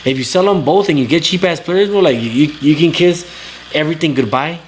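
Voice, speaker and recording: A man's voice: on the high side, a little fast, slight background noise. Ranting man. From Southern California. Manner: profane, blunt, ranting. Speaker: talk show host reading live chat. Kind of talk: casual livestream rant.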